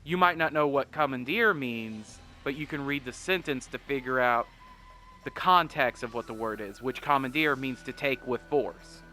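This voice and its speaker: A young man does let's play commentary on a video game, rambling, joking and now and then slipping into mock voices. His mid-range voice is bright and forceful, at a moderate pace.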